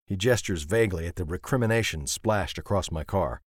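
A man narrating a first-person audiobook in a measured, understated way on a close studio mic. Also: sits low, no room sound.

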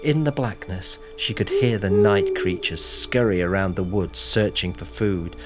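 Casting: deep male audiobook narrator, measured delivery, clear music underneath. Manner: steady, measured storytelling. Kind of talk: scripted narration.

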